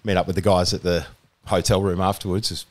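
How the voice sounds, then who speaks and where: Here a young Australian man guests on a podcast, his low voice level in tone and a little fast. The casual chat wanders, packed with fillers and false starts.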